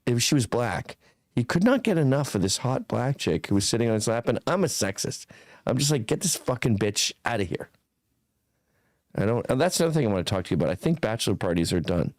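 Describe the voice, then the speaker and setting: A man's voice: medium pitch, sing-song, quick pace, a little mellow, dry recording. A man in his fifties, a podcast guest telling stories in a blunt, profane, casual way. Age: 50s.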